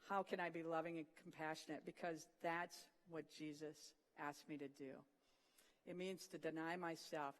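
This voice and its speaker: A preacher giving an earnest sermon, retelling scripture vividly and dropping to a soft voice for emphasis. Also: mid-range voice. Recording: long reverb of a large hall.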